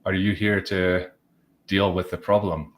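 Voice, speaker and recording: A man's voice: sits low, fairly even intonation, measured pace. A man voicing a weary, blunt dwarf bartender in a fantasy tavern.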